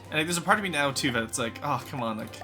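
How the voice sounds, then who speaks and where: A male streamer with a fairly high, bright voice that swings up and down a lot as he rambles to his chat. He talks casually, drops swear words, and keeps up running commentary on his build over faint background music. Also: expressive, very fast.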